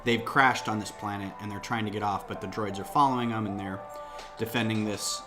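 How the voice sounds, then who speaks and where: A man with a low voice hosts a casual livestream from home, rambling and thinking aloud as he builds. He sits a little back from his desk mic, and music plays clearly underneath. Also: steady tone, a little fast. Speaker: host of a LEGO design livestream. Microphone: desk mic, a bit farther off than usual.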